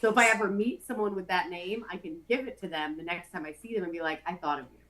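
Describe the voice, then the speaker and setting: A woman co-hosting a podcast in casual chat, bantering playfully and getting animated. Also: fairly low pitch, fast, rough recording. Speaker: podcast co-host.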